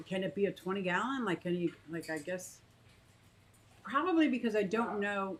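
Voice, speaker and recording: A woman's voice: fairly bright tone, poor audio. A woman in her fifties talking casually about her fish tanks, thinking aloud with many restarts and asides. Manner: coos in a high sing-song to her pet bird. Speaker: aquarium vlogger. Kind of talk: casual chat to camera and live chat.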